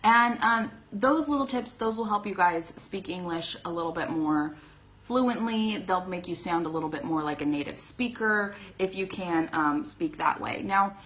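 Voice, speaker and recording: A woman with a Californian accent teaching English in a live online lesson. Her voice sounds bright and clear. She talks in a chatty, easygoing way, laughs often, and checks in with her viewers. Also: lowish voice, normal speed, poor audio.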